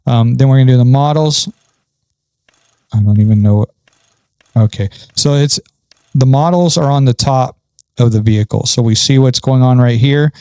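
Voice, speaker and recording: A man's voice: mid-range voice, moderate pace, pauses often, mellow, clean tone, no echo. A man talking casually through a farming game setup, thinking aloud with frequent ums. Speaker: gaming channel host. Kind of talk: casual gameplay commentary.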